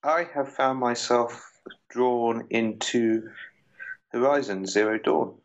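A man's voice: mid-range voice, slow. A man in casual podcast chat, enthusiastically describing a video game he has been playing. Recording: dull lo-fi audio.

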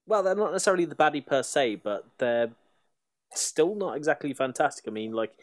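A man's voice: on the high side, lively intonation, a little fast, no echo. A man in casual chat, talking hesitantly with many fillers.

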